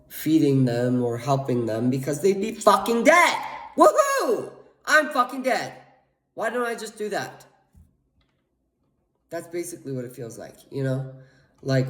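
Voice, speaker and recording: A man's voice: mid-range voice, warm tone, reverberant. A young man speaking candidly and emotionally to camera in a confessional monologue, blunt and full of swearing. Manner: candid, profane, emotionally raw. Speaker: vlogger.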